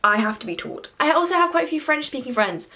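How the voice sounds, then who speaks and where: A woman's voice: high voice, very animated, fast talker, pushed and bright. A young woman, chatting to camera in a self-deprecating, casual way with the odd swear word. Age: young adult. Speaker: vlogger.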